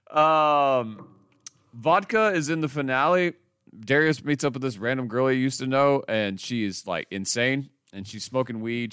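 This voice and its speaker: A man hosting a podcast, excitedly recapping TV episodes in a rambling, swear-filled casual chat. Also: medium pitch, clear, resonant tone, no echo, studio quality. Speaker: podcast host.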